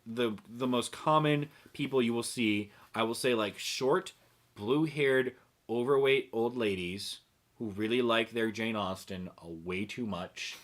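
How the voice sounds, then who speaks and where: A man's voice: mid-range voice, a little slow. A young man, a podcast guest, chatting casually in a rambling way with lots of fillers and swearing. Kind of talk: casual chat.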